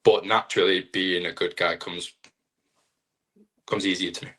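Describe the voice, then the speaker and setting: A man's voice: low-pitched, steady tone, moderate pace, pushed and bright. A young man, a wrestler, chatting casually in an interview in a rambling, self-deprecating way. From Britain. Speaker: wrestler guest.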